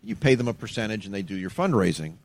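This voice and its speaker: A man's voice: on the low side, fast talker, gravelly, dry recording. Chatty man telling a story. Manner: animated storyteller, acts out quoted voices. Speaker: podcast co-host. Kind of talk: casual storytelling chat.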